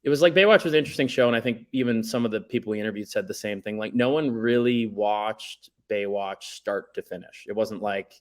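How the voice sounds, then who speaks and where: A man with a lowish voice talks in a relaxed, meandering way. He is a guest on a casual podcast, trailing off and restarting as he tells his stories. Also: brisk, hardly any pauses. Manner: rambling, laid-back storytelling with many fillers. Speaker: guest, documentary writer and director.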